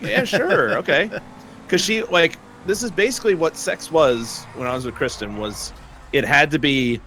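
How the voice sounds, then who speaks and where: A man's voice: on the high side, sharp tone, a little hiss or hum. A young man telling a long personal story in casual chat, rambling with many fillers and frequent laughs.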